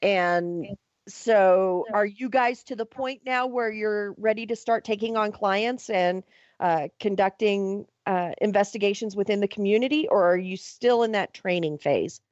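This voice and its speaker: A woman hosting a casual radio talk show, upbeat and quick to laugh. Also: medium pitch, darkish tone, no room sound. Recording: muffled radio broadcast audio.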